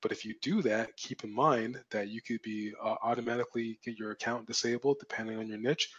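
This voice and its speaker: A man's voice: mid-range voice, steady tone, brisk, a bit bright, husky, highs cut off. A man teaching a live webinar as a marketing coach, emphatic and repetitive, asking rhetorical questions, his voice wearing out. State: losing his voice.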